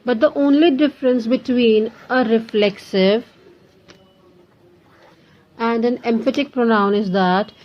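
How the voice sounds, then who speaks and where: Indian lady teacher going over grammar slowly, kinda high voice, muffled lo-fi sound. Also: darkish tone. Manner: explains slowly, repeats key points, slips into Hindi. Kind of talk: classroom lesson.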